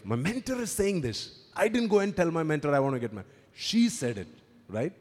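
A man's voice: a little high, sing-song, normal speed, a little mellow. A man preaching a sermon in a conversational, emphatic way, often repeating words and slipping in teasing asides. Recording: long reverb of a large hall.

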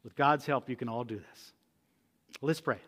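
A man's voice: mid-range voice, moderate pace, fairly bright tone. A male pastor preaching a sermon in a conversational, emphatic teaching manner. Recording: long reverb of a church hall.

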